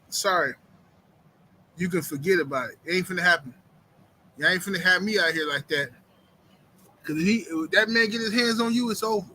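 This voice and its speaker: A man hosts a live stream from home, and his voice sits high and very bright. He talks in an animated, joking, slangy way. Faint noise hums behind him. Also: fairly quick, pauses often, low-quality recording. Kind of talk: casual live stream chat.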